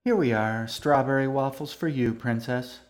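A man's voice: medium pitch, normal speed, voice pushed up, lightly acted. A man voicing a friendly young waitress in a storybook reading, with a breezy, easygoing delivery.

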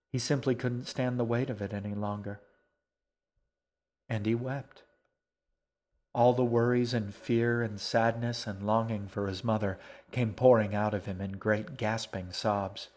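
A man narrating a children's story in a steady, even storytelling manner. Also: on the low side. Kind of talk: audiobook narration.

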